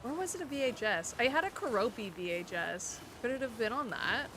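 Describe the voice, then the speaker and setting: A woman's voice: fairly high pitch, expressive, a little fast. A woman in her twenties streaming a game, chatting in a rambling, nostalgic way. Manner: rambling and nostalgic, trails off into musing. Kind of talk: casual chat while gaming. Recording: noisy game audio behind.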